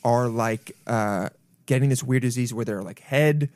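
A man co-hosting a casual comedic chat, animated and quick to swear. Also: dry recording. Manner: animated, swears freely, jumps into high excited voices. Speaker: podcast co-host.

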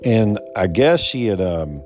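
Low-voiced man telling a profane story. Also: big pitch swings, unhurried, a little mellow, faint music behind. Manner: profane, rambling, many restarts. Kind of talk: casual personal anecdote.

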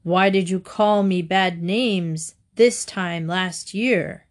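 A proud, bullying storybook wolf, as a woman reads him, a touch lower and slower than her own voice. He boasts and growls at smaller creatures.

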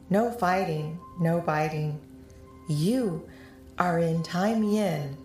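A woman voicing a calm, mysterious unseen voice in a children's storybook, giving slow, measured commands. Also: lowish voice, echoey room.

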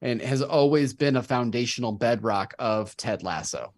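A man's voice: mid-range voice, moderate pace. A man co-hosting a podcast, chatting casually about a TV episode and reading favorite quotes aloud with enthusiasm. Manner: enthusiastic, reads quotes aloud in animated voices. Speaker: podcast co-host.

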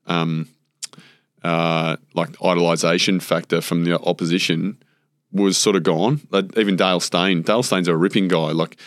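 Deep and fairly unmoving in pitch, this Australian man speaks at normal speed while recounting meandering tales from his cricket days as a guest. He fills them with verbal padding and acts out what people said, all in a casual interview. The studio recording is dry.

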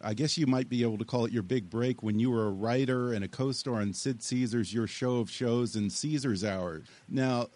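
Man, radio interviewer, mid-pitched voice, conversational prompting questions. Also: normal speed, hardly any pauses, a little mellow.

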